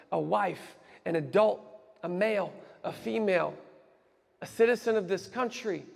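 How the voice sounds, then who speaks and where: A man preaching a sermon as pastor, animated and conversational with bits of humor. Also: a little high, vocal fry, in a large hall.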